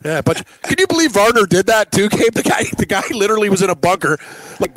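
A man's voice: sits high, lively intonation, quick pace, a bit bright, dry recording, low-quality recording. A man co-hosting a casual sports talk show, reacting with enthusiasm and telling his own story. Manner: enthusiastic reactions, easily moved. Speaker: sports radio co-host.

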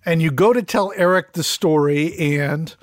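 A man's voice: on the high side, moderate pace, no echo, studio quality. Man asking long multi-part questions. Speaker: interview host. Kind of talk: interview questions.

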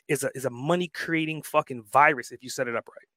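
A man's voice: medium pitch, quick pace, bright, forceful tone, dry recording. A man speaking as a podcast guest, emphatic and fired up, swearing freely in casual conversation.

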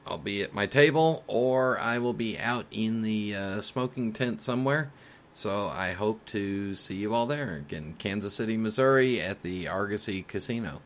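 Deep-voiced male podcast host. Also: normal speed. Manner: reads listener letters aloud, chuckling often; many filler uhs. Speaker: podcast host reading listener mail. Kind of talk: casual podcast talk.

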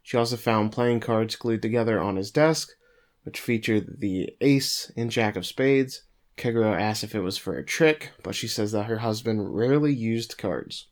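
A man co-hosting a podcast, giving a steady plot summary of an anime episode with occasional fillers. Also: lowish voice, normal speed. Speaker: podcast co-host recapping an anime. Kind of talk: casual episode recap.

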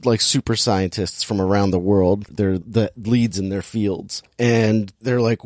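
A man casually recapping a movie plot with sarcasm, briefly acting out the characters' lines in quick impressions. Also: mid-range voice, fairly even intonation, darkish tone, dry recording, studio quality. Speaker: podcast host recapping a movie. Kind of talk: casual chat.

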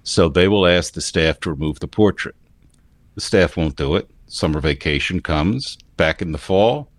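Deep-voiced man with standard American accent. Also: animated, normal speed, no room sound. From United States. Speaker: commentator. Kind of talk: casual discussion.

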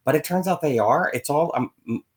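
A man's voice: on the high side, a little fast. A man co-hosting a casual film chat, telling stories and giving firm opinions. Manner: opinionated, animated storytelling. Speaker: podcast co-host.

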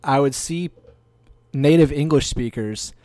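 A man's voice: medium pitch, unhurried, darkish tone, no room sound. A man from North Carolina in casual chat, telling stories in a rambling, hedging way.

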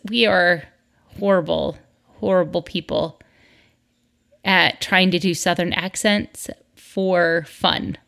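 A woman's voice: fairly low pitch, takes it slowly, gravelly, a bit bright. A woman in her forties hosting a casual parenting advice talk, chatty and upbeat with playful asides. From northern US.

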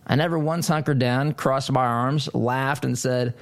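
A man's voice: medium pitch, moderate pace, hardly any pauses. A man hosting a political talk radio show, delivering an emphatic monologue with mocking asides. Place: studio.

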